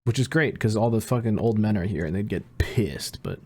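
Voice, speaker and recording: A man co-hosting a podcast in casual chat, ranting and swearing with lively energy. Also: lowish voice, brisk. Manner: ranting, profane, animated. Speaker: podcast co-host.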